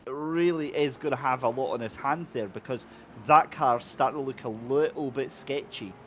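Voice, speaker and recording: A man commentating a sim race, excitable and jokey as he banters with his co-host. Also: medium pitch, moderate pace, slight background noise.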